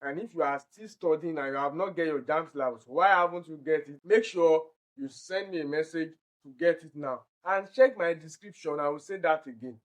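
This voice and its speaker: A Nigerian man with a Nigerian English accent, tutoring exam candidates and explaining answers step by step, slowly repeating each word to drill its pronunciation. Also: on the high side, low-quality recording. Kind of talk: online exam-prep lesson.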